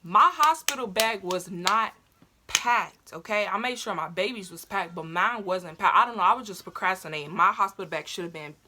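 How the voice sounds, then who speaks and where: Young woman vlogger, bright and forceful, animated, profane storytelling. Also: normal speed, a little hiss or hum. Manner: animated, profane, acts out her own past lines in high cries. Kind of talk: casual storytelling to camera.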